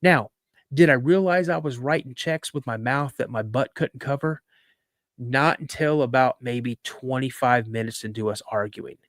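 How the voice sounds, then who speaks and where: A middle-aged man telling a childhood story as a podcast guest, acting out the shouting between himself and his father. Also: medium pitch, moderate pace, no echo, studio quality. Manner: acts out dialogue with raised voice. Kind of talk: animated storytelling.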